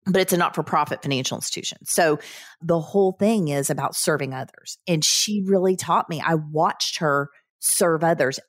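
A woman in her fifties speaks as an interview guest, recounting events earnestly and vividly. Her voice sits low. The recording is dry and close, with no room around it. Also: moderate pace, no room sound. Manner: earnest, vivid recounting with quoted inner thoughts. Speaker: guest, credit union CEO. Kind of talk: personal storytelling in a podcast interview.

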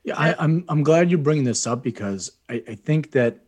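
A man's voice: a little high, lively intonation, moderate pace, darkish tone, breathy edge. Man hosting an interview. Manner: brief encouraging interjections. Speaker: podcast host.

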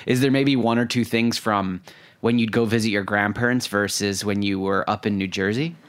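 A man hosting an interview, asking measured, long-winded questions. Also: lowish voice, fairly even intonation. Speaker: podcast interviewer.

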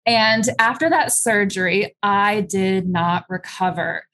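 A woman's voice: mid-range voice, slow, fairly bright tone. A woman guest in an interview, recounting her own experience candidly and conversationally, with frequent ums and likes. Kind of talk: candid personal storytelling in an interview.

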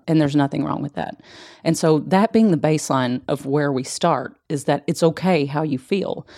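A woman speaks softly and reflectively as she coaches a listener through their emotions. Her voice is gravelly and mellow, and it often sinks to a hushed near-whisper. The recording is dry and close. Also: low-pitched, no echo. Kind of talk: conversational teaching.

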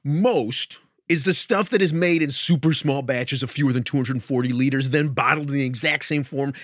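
This mid-range male voice is fairly bright and moves at a normal speed, captured in a clean studio with no room sound. He's an American podcast co-host telling a road story casually and self-deprecatingly, with frequent restarts.

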